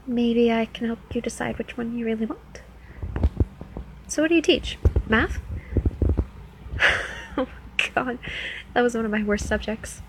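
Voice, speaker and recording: A woman's voice: on the high side, steady tone, a little slow, pauses often, background noise. A woman playing a teasing New Jersey club dancer. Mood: flirty teasing. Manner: playful, teasing, coaxing. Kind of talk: first-person audio role-play.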